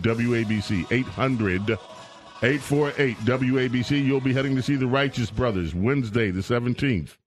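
A man hosting a call-in radio talk show, with playful, upbeat announcer patter, on a studio microphone. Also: mid-range voice.

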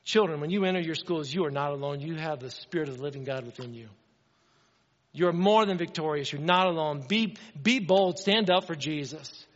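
Man, pastor, high voice, earnest sermon, asks questions, long hall reverb. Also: brisk, dull audio. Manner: earnest, conversational preaching with rhetorical questions.

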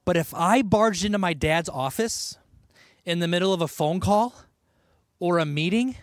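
A man preaching a sermon in a conversational, animated way, with asides and laughs. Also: high-pitched, normal speed, dry recording, studio quality. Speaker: pastor.

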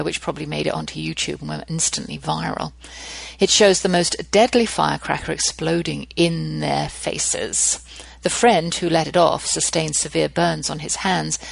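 A woman's voice: low voice, creaky, husky, no room sound, low-quality recording. A middle-aged woman, hosting a show and telling a family story with wry, dry humor. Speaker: podcast host. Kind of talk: storytelling monologue.

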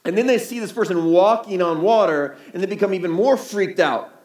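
A man's voice: high voice, fairly quick, darkish tone, reverberant. A man preaching a sermon in a conversational way, asking the crowd rhetorical questions. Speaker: pastor. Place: church hall.

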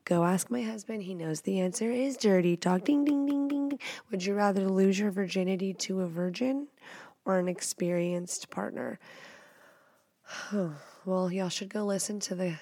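A woman's voice: medium pitch, steady tone, normal speed, dark tone, no room sound, studio quality. A young woman hosting a podcast, answering questions in a blunt, playful, self-mocking casual chat. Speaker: podcast host.

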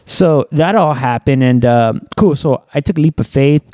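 A man's voice: fairly high pitch, moderate pace, darkish tone, no echo. A young man, a podcast guest, telling a personal story in loose, profane, casual talk.

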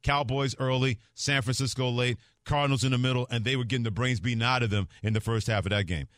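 A man co-hosting a sports talk radio show in a studio, talking in a jokey, quick patter. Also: mid-range voice, steady tone, a bit bright, no room sound.

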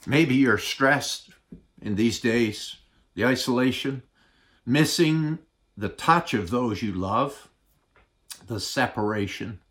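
Slow, deliberate male preacher. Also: mid-range voice. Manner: slow, deliberate delivery with dramatic pauses; drops to a soft, hushed voice for tender points. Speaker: pastor. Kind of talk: sermon.

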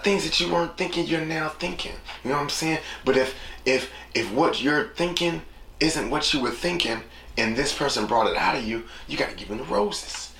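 A man's voice: on the high side, moderate pace, gravelly. Male host, casual slangy monologue, echoey noisy room. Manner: slangy, rambling, acts out quotes. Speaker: podcast host. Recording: echoey room with steady noise.

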